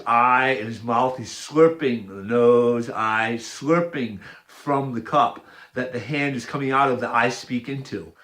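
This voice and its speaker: A man's voice: medium pitch, a bit bright. Rambling man describing a picture. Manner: rambling, repetitive, hesitant, with restarts. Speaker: video maker. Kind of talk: casual monologue describing an image.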